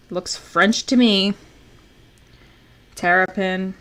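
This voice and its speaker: A woman streaming a video game live, talking casually and in exasperation, swinging from loud outbursts to low muttering and swearing freely.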